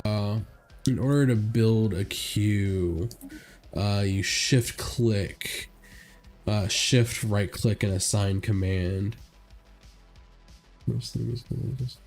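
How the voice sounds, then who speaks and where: Young male streamer with a stuffed-up nose: low-ish, rambling gameplay commentary. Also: fairly even intonation, slow pace, creaky, long pauses, darkish tone, soft background music. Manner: rambling, full of fillers like "like" and "uh". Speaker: game streamer.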